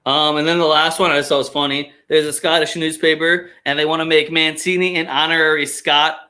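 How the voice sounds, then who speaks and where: A man's voice: fairly high pitch, flat delivery, a little fast, sharp tone. A man hosting a casual sports podcast, ranting with heavy swearing and sarcasm. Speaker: podcast host.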